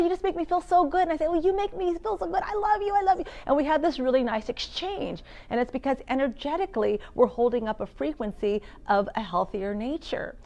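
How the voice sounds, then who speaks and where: A woman's voice: mid-range voice, a little mellow. A woman giving a health seminar talk to an audience. She acts out quoted voices and self-talk, and often restarts and repeats words.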